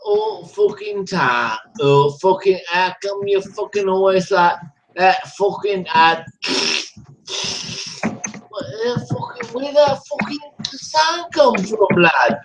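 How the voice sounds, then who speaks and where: A man's voice: high voice, animated, slow pace. A man ranting and taunting someone in a voice chat, swearing constantly and heckling. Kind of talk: profane taunting rant. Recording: noisy recording.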